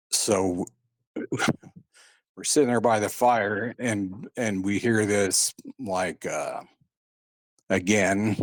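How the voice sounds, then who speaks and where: A guest recounts a paranormal experience from his own life, rambling casually with plenty of "uh" and "and, uh." His voice is fairly low, and the recording is dry with clean studio sound.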